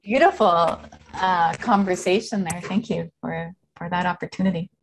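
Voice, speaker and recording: A woman hosting an online conference session over a video call, giving friendly, brisk introductions of the presenters. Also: on the low side, vocal fry, poor audio. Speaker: session host.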